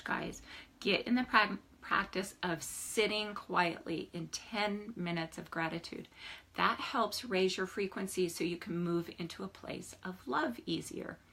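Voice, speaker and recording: Older woman life coach, crisp bright tone, eager and animated motivational vlogger. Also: medium pitch. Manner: enthusiastic and animated, often laughing. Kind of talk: motivational vlog talk.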